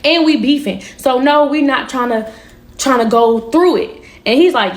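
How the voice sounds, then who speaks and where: A woman with a somewhat high voice tells a personal story to her viewers. She speaks casually and candidly, full of slang, and keeps the telling animated. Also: normal speed, echoey room. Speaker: storytime vlogger.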